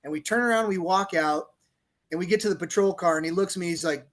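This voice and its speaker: A middle-aged man, a police officer turned author, telling a story on a podcast in a lively, laughing way and acting out the quotes. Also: high voice, fast talker. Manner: animated storyteller, laughs often, acts out quotes. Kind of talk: casual storytelling interview.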